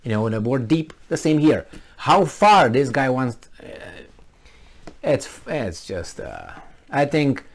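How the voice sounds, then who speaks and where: A man's voice: mid-range voice, takes it slowly. A man with a Romanian accent giving a casual commentary monologue, acting out little scenes with sound effects and quoted voices. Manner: animated storytelling with sound effects and acted-out quotes. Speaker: commentary vlogger.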